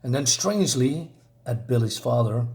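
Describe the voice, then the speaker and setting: A man's voice: mid-range voice, expressive, moderate pace, a little mellow. A man reviewing a comic book, recapping the plot in a rambling, casual way and reading character lines aloud.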